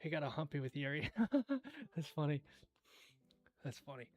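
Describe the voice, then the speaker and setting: Relaxed high-voiced man chatting on a stream. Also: unhurried, no room sound. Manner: laid-back, drifts into storytelling, clears throat often. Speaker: livestream host. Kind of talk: casual chat.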